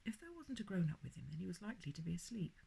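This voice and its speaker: A woman reading a bedtime story aloud with a lively, expressive manner. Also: fairly low pitch, very fast, gravelly, breathy edge, low-quality recording.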